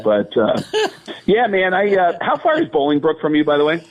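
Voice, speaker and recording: A man's voice: on the high side, normal speed, rough recording. A man, a stand-up comedian, telling stories with impressions and laughing along. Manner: animated, laughing storyteller. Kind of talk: storytelling with impressions.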